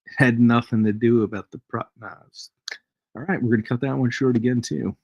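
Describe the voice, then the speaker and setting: A man's voice: mid-range voice, steady tone, a little fast, vocal fry, darkish tone, breathy edge, no echo. A man hosting a casual live trading stream, chatty and jokey, chuckling as he reads charts aloud. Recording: dry, dull lo-fi stream audio.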